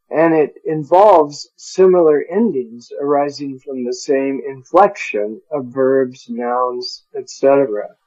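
A man's voice: a little high, darkish tone, slightly rough, lo-fi sound. A man teaching a Bible study, carefully sounding out Greek words and chuckling at his own stumbles over hard terms. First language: English.

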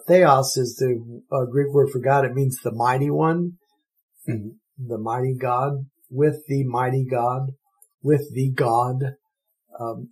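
A man's voice: mid-range voice, a little mellow, rough recording. A man teaching the Bible verse by verse, explaining Greek words with eager enthusiasm.

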